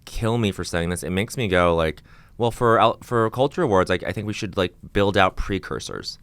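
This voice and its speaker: A man co-hosting a podcast, chatty and quick to riff in casual talk. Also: low voice, fairly bright tone, clear, resonant tone, dry recording. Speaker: podcast co-host. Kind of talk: casual chat.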